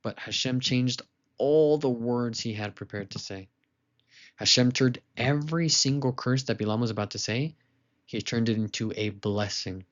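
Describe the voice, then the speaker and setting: A man teaching a weekly lesson to children, retelling a story in a lively, casual way with asides to listeners. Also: mid-range voice, moderate pace, dull audio.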